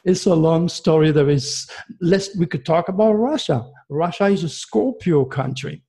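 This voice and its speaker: A man talks as an astrologer guest on an interview. His voice is gravelly and husky. He explains in a rambling, emphatic way, jumping between ideas. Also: a little high, normal speed, warm tone. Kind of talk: rambling radio interview talk.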